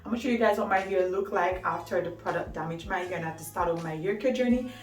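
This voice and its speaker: In a casual talk to camera, a woman with a voice on the low side speaks quickly and enthusiastically about hair care, laughing often. The mic sits at a distance in a room with echo, and faint music is audible.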